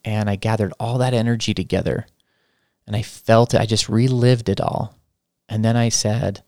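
A man hosting a spiritual podcast, talking in a soft, reflective way with many restarts. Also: fairly low pitch, fairly even intonation, moderate pace, no echo, studio quality. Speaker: podcast host. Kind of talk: spiritual teaching talk.

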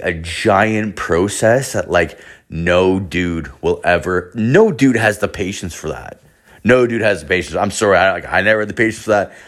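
A young man with a low voice tells a long, swear-filled story in a loose, rambling way. He keeps saying "like" and acts out what his friends said, all in a casual monologue. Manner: profane, rambling, heavy filler words. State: hungover.

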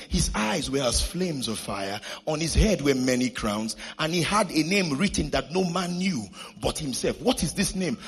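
A man preaching a sermon from scripture, with emphatic, sing-song repetition that rises into shouting. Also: mid-range voice, slightly rough. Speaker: pastor.

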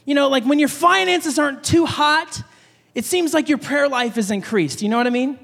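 A pastor in his young adult years preaches to his congregation in a chatty, storytelling way, switching into a fretful voice whenever he acts out what went through his head. His voice sits very high for a man, and it rings out with the long reverb of a church sanctuary. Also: normal speed, gravelly. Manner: animated storytelling, acting out his own panicked thoughts. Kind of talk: conversational sermon with personal story.

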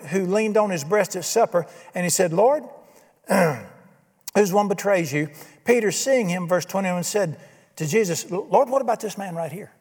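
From the pulpit, a man who is a pastor delivers his sermon in a folksy tone, tossing out rhetorical questions. His voice is high for a male speaker, and a long reverb from the church hall trails each phrase.

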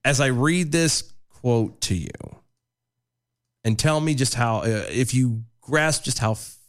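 A man's voice: mid-range voice, slow pace. A man co-hosting a casual political podcast, talking in a sarcastic way and reading quotes aloud with mock gravity. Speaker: podcast co-host.

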